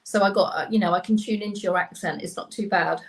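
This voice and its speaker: A woman's voice: mid-range voice, fairly even intonation, fast talker, low-quality recording. A woman co-hosting a casual live-stream chat as a tarot reader, explaining things with enthusiasm and laughing easily.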